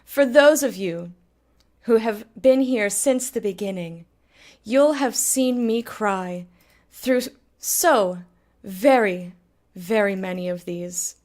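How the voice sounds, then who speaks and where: A woman's voice: medium pitch, takes it slowly, darkish tone. A woman streamer presenting a mock awards show in a hammy, theatrical way, teasing her co-host.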